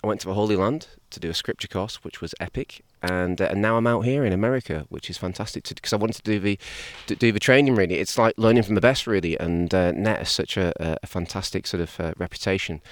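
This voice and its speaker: A man, a priest, chatting jokily in an interview outdoors by a lake. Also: sits low. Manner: jokey, animated, quick to do voices. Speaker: priest, podcast guest. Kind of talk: casual interview chat.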